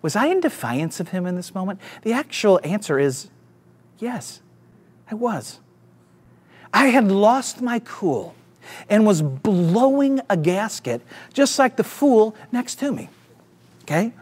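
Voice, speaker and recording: A man's voice: sits high, very animated, slow, a little mellow, husky. A pastor with a Southern US accent, preaching and telling a self-deprecating story to his church. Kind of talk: sermon.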